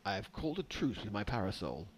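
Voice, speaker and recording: A man's voice: on the low side, sing-song, fast, slight background noise. A man giving live trackside race commentary with dry, sarcastic humor.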